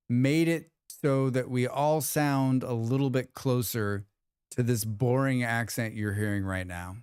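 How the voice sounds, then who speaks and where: A man hosting a livestream has a medium-pitched, clean-toned voice, recorded in clean studio sound without room reverb. He reads viewer comments in a casual, rambling, joking chat that restarts a lot.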